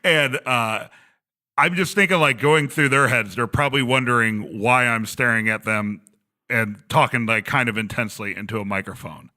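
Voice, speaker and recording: A podcast host in his thirties tells a rambling story in a casual chat, laughing often. His voice is medium-pitched with a sharp tone and moderate pace, and he's speaking from a glass conference room.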